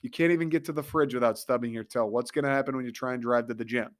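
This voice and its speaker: A man's voice: mid-range voice, fairly even intonation, fast. Exasperated man ranting with profanity. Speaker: podcast host. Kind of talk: comedic rant.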